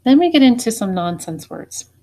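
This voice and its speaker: A woman teacher giving a spelling test, saying each word slowly and deliberately and then saying it again. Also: fairly high pitch, big pitch swings, mellow. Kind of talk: slow spelling dictation.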